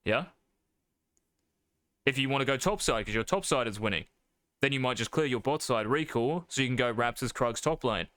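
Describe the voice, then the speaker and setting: A man's voice: mid-range voice, lively intonation, moderate pace, pauses often, a bit bright, no room sound. A man coaching a player over a live stream, blunt and profane, calling his student mate. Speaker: game coach.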